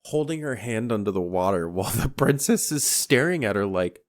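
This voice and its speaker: A man's voice: on the low side, moderate pace. A man co-hosting a podcast, chatting casually about a movie and reacting with plenty of swearing. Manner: swears freely, animated reactions. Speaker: podcast co-host.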